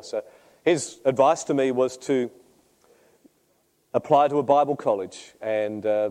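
Warm and mid-range, this middle-aged man's Australian-accented voice delivers a sermon as a pastor, mixing in his personal testimony. He keeps it conversational and pokes fun at himself.

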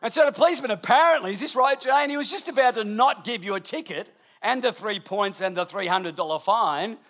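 A middle-aged man, telling a lively, chatty anecdote to an audience with asides along the way. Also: high voice, fairly quick. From Australia. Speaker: storyteller.

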